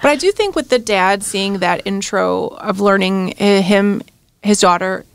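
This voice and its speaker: A woman's voice: medium pitch, measured pace, gravelly, clean tone, no room sound. A woman co-hosting a library podcast about horror films, talking casually and rambling through her thoughts. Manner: rambling, restarts mid-thought. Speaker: podcast co-host. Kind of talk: casual chat. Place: quiet studio.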